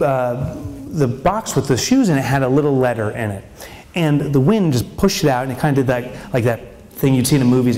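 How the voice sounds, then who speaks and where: A man giving a humorous business keynote on stage, telling a story in an animated way and acting out scenes with shouts. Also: a little high, a little hiss or hum. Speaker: keynote speaker. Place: on stage in a large venue. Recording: long hall reverb.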